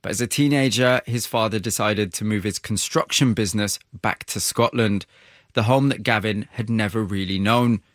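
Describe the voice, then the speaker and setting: A man hosting a broadcast interview, narrating a story and asking measured, empathetic questions. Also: on the low side, dry recording. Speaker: radio host.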